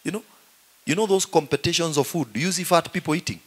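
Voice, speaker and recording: A middle-aged man with a Kenyan accent, a pastor preaching in a joking, animated way and saying "you know" often. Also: a little high, quick pace, husky. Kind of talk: humorous sermon.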